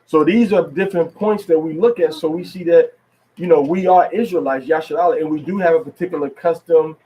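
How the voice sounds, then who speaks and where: A man giving an informal religious lesson at home, quizzing his listeners with questions, repeating key words and reading scripture aloud slowly, stressing each syllable. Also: a little high, dark tone, low-quality recording. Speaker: religious teacher.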